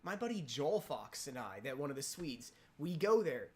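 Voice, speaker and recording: A woman in casual chat, telling anecdotes with animated, lively quoted reactions. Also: low-pitched, normal speed.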